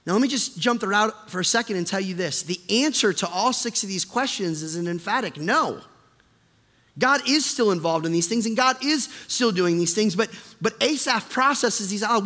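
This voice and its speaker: High-voiced impassioned male pastor. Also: expressive, moderate pace. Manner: impassioned, builds from hushed to loud. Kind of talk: sermon. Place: church sanctuary. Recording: long hall reverb.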